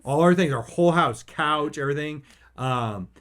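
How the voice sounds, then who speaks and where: A man hosting a casual podcast, talking in a rambling, excitable way with many restarts, a bit emotional. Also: fairly high pitch, normal speed. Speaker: podcast host. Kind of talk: casual chat.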